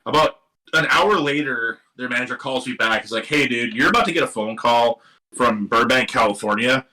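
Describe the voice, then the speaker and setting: A middle-aged musician from the Seattle area spins a long tale as a guest on a casual live-streamed interview, heard through a live stream mic in a rough recording. His bright, forceful voice sits at medium pitch and moves at normal speed. He's animated, occasionally swearing and voicing the people in his story with lively impressions.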